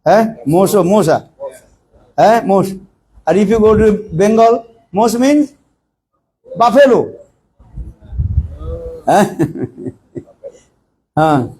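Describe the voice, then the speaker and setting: A man giving a slow, high-voiced sermon in broken English. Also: lively intonation, mellow, slightly rough, poor audio. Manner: broken English, frequent questioning "eh?" to listeners; acts out short quoted exchanges with raised voice. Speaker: spiritual teacher giving a discourse. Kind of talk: informal sermon with anecdotes.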